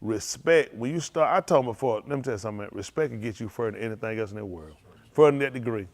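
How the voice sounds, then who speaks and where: A man's voice: on the low side, racing, a little mellow. A man preaching in a folksy storytelling sermon, laughing often and repeating phrases as he acts out quotes. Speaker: pastor.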